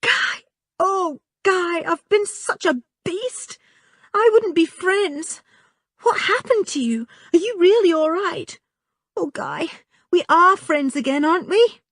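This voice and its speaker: A woman putting on an emotional high young boy. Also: huge pitch swings, normal speed, husky, no room sound, studio quality, heavily acted. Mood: choked up. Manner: choked, pleading and emotional.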